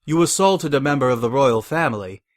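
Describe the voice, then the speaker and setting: A calm, smug stallion agent in a storybook reading, as a man voices him. He sounds unhurried and quietly sure of himself, his voice rising and dipping with lively turns. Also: medium pitch, lightly acted. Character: cool scheming male pony agent, smug and calm.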